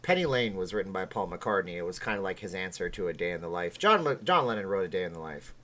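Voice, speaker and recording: A man's voice: low-pitched, lively intonation, fast, bright, forceful tone. A man from Canada hosting a casual livestream, tired and chatting in a rambling, joking way. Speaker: livestream host.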